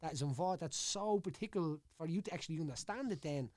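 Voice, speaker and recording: Fast-talking Dublin man, rambling. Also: on the high side, expressive, darkish tone, dry recording. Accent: Dublin Irish. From Ireland. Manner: rambling, repeats words, keeps saying "you know what I mean". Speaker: podcast guest, former fighter. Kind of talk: casual chat. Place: studio.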